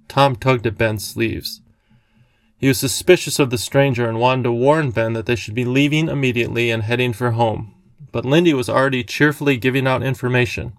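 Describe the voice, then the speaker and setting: A man narrating a children's book in a measured storytelling manner. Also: mid-range voice, steady tone, no echo, clean studio sound. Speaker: audiobook narrator. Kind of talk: scripted narration.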